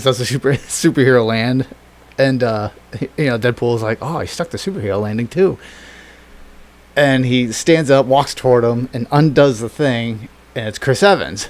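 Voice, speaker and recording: A man co-hosting a casual chat, telling a story with lots of swearing, laughter and excited reactions. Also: mid-range voice, moderate pace. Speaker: podcast co-host.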